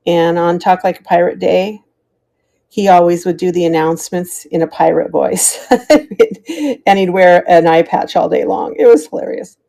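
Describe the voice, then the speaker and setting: Mellow-voiced American woman selling jewelry live. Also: fairly low pitch, level tone, moderate pace, gravelly. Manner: chatty, calls out starting prices and thanks viewers by name. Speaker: live-stream jewelry seller. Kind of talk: live auction stream chat.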